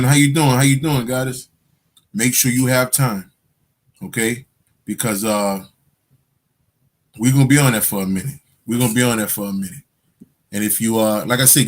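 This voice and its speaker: In a casual livestream, a male spiritual guide tells his viewers animated stories, cursing freely and laughing a lot. His voice is medium-pitched.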